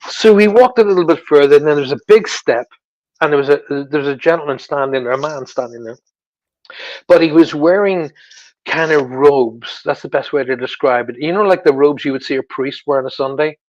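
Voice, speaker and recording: A man's voice: on the high side, brisk, a little mellow, dull audio. A man as a psychic medium guest, telling a personal story in an interview, emotional, with many restarts.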